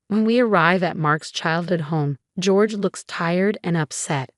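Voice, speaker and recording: A woman's voice: fairly low pitch, unhurried, hardly any pauses, dry recording, clean studio sound. A woman narrating a dramatic first-person story in plain storytelling manner.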